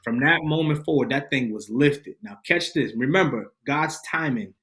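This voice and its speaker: A man guesting on a podcast, telling a personal testimony in casual slang with lively energy. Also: medium pitch, normal speed. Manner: slangy, animated, addresses listeners as bro and fam.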